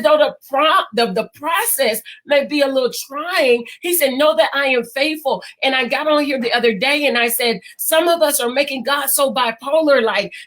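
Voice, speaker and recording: High-voiced woman preaching a prophetic word. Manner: impassioned, repetitive preaching with slow emphatic quotes and some shouting. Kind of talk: prophetic sermon delivered live online.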